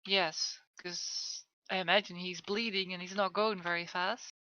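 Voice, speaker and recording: A woman's voice: lowish voice, steady tone, a little slow, bright, forceful tone, no room sound, poor audio. A woman playing in a tabletop game over a voice call, listing her gear and asking the game master questions. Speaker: player.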